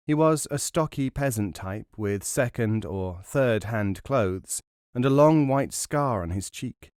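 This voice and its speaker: A man narrating a novel as an audiobook in a measured, dramatic storytelling manner. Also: medium pitch, expressive, a little mellow, clear, resonant tone, dry recording, clean studio sound.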